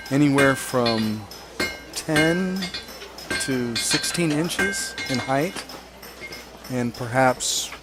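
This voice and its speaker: A man voicing a polite, formal male adventurer who speaks in measured phrases. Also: mid-range voice, heavy background noise. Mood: explaining.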